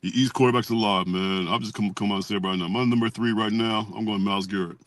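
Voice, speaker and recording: A man giving his picks on a casual sports talk show, relaxed and repeating his phrases. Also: lowish voice, quick pace, dry recording. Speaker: podcast guest.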